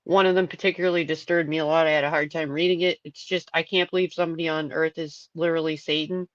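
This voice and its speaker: A woman's voice: low voice, fairly even intonation, quick pace, no echo. Chatty woman on a lo-fi livestream. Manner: chatty, rambling, repeats words. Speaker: livestream host. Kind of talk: casual livestream commentary.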